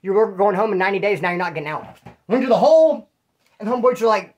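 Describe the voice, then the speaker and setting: A former prisoner from California answers viewer questions with stories full of casual slang and cursing, acting out what people said. His high-pitched voice is expressive, and he talks fast.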